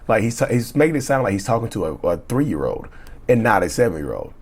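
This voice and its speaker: A man's voice: on the low side, big pitch swings, a little fast, darkish tone, slightly rough. A man giving casual commentary as he reads viewer emails aloud and speaks straight to his audience, often repeating words as he goes. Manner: stumbles and repeats words while reading aloud. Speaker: YouTube commentator on narcissistic abuse.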